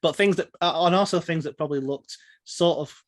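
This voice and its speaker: A man co-hosting a podcast in casual chat, joking and animated. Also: on the high side, fairly quick, no room sound. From outside the United States. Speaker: podcast co-host.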